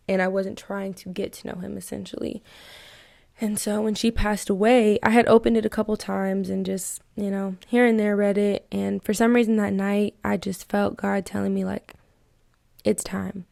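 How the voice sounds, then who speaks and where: A woman's voice: medium pitch, gravelly, a little mellow, dry recording, studio quality. A young woman hosting a podcast, telling her personal faith testimony in an earnest, reflective way that turns emotional at times. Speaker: podcast host. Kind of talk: personal testimony, casual and heartfelt.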